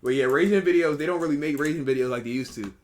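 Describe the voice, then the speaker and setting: A man's voice: a little high, very fast. A man streaming a reaction to videos, talking in a laid-back, slangy, amused way. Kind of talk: casual reaction commentary.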